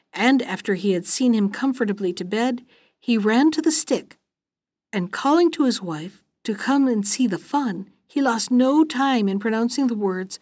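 A woman hosting a storytelling show, reading a fairy tale aloud in a gentle, even way and closing with listener notes. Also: on the high side, no echo. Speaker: storyteller and podcast host.

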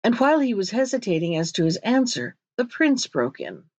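A woman narrating a fairy tale in a measured, expressive storybook reading. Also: medium pitch, dry recording, lo-fi sound.

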